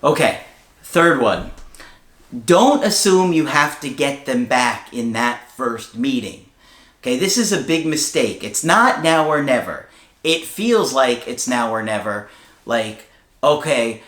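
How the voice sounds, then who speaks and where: A man's voice: medium pitch, expressive, unhurried, fairly bright tone. Man coaching casually in a roomy space. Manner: conversational, storytelling with fillers. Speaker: relationship coach. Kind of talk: casual advice talk to camera. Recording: roomy echo.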